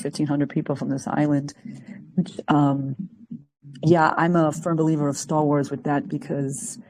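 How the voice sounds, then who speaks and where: A woman's voice: low-pitched, mellow, low-quality recording. A woman calling in to a group call, speaking hesitantly with many fillers. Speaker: caller. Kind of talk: casual call chat.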